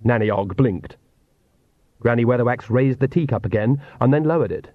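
A man narrating an audiobook in an even, wry storytelling manner. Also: mid-range voice, normal speed, dry recording. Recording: dull, muffled audio.

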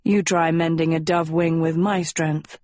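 A woman's voice: sits low, steady tone, unhurried, a little mellow, dry recording. Woman reading as an earnest young prince. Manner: earnest, defensive. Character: young prince, proud but anxious. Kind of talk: audiobook character voice.

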